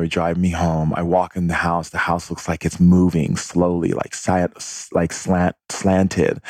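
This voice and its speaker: A man with a very deep, low voice recounts a personal experience in a loose, rambling style. He leans on fillers and slips into quoted dialogue as he goes. The recording is dry and close. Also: darkish tone, no room sound. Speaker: storyteller. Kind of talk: casual personal storytelling.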